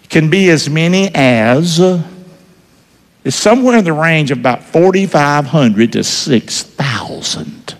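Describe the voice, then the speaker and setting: Preaching a sermon in an unhurried drawl, this male pastor has an animated voice that rises and falls and sits slightly high for a man. He talks with the congregation like a conversation, repeatedly throwing questions their way for a lively call-and-response feel, all under a long church-hall reverb.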